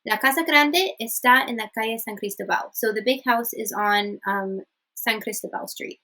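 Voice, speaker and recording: A woman's voice: fairly high pitch, normal speed, pushed and bright, poor audio. A young woman teaching a casual online language lesson, chatty, with many fillers and frequent "okay?" checks. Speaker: Spanish teacher.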